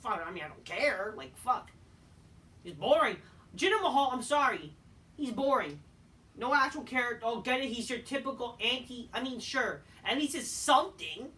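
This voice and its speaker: A tired man casually reviewing a wrestling show, rambling and swearing, often erupting into shouted rants. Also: very high voice, very animated, normal speed. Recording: distant mic with faint background noise.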